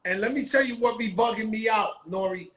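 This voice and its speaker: High, bright-voiced man hosting a chat. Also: fairly quick. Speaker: host. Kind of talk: casual conversation.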